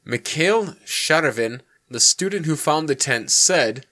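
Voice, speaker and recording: A man's voice: a little high, lively intonation, a little slow, pushed and bright. A man hosting a casual podcast, reading out a mystery story and swearing freely between the joking banter. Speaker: podcast host telling the story.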